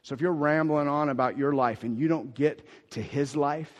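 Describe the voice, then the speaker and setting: A male pastor delivers a sermon with a somewhat high voice, moving between hushed asides and forceful, repeated declarations. His words ring out with the long reverb of a large church hall. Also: normal speed, dull audio. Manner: emphatic preaching that swings from quiet asides to loud declarations; repeats key phrases for emphasis.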